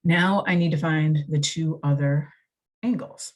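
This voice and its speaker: A woman's voice: low-pitched, fairly even intonation, a little slow. A woman, working through a recorded math lesson, chatty and thinking aloud as she corrects herself. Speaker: math teacher.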